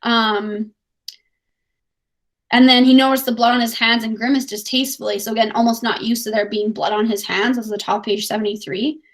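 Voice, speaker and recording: A woman's voice: on the high side, level tone, a little fast. A woman English teacher reading from a novel and explaining it to her students in a casual, chatty way, full of "like" fillers.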